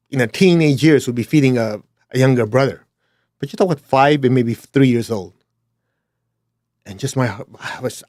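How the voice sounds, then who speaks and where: A man telling a personal story in a plain-spoken way, his delivery swinging between hushed and emphatic, with blunt asides. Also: mid-range voice, dry recording, clean studio sound. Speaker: speaker sharing a personal story.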